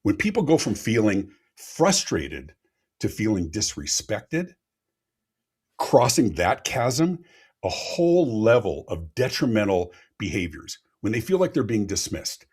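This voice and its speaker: A man's voice: on the low side, unhurried, breathy edge. A man speaking as a customer experience expert on a live podcast, telling stories with lots of energy and often repeating words as he starts a thought, heard over a remote call. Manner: animated, repeats words when starting sentences. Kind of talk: live podcast interview storytelling.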